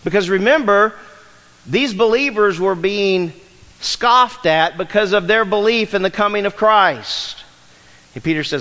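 A man's voice: sits high, lively intonation, unhurried, pushed and bright. A pastor in his fifties preaching a sermon with emphatic delivery and rhetorical questions to his congregation. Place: church sanctuary. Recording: long reverb of a large hall.

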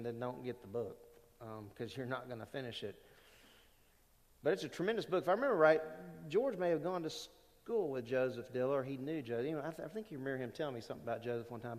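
A man with a fairly high voice preaches in a church sanctuary, and his words ring out with a long reverb from the hall. He teaches like a Bible-study leader, breaking down words and tossing rhetorical questions to the congregation. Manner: teacherly, asks the congregation rhetorical questions with frequent "right?" and "okay?". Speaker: pastor. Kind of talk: expository sermon.

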